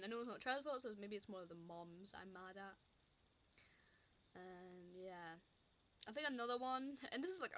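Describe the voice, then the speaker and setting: A woman's voice: a little high, a bit bright, slight background noise. Rambling woman venting pet peeves. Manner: rambling, exasperated complaining. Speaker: vlogger. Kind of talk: casual unscripted rant.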